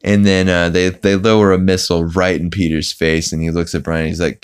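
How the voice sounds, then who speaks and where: Deep, smooth-voiced man recapping casually. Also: level tone. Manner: rambling, many ums and restarts, quick to quote scenes. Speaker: podcast host.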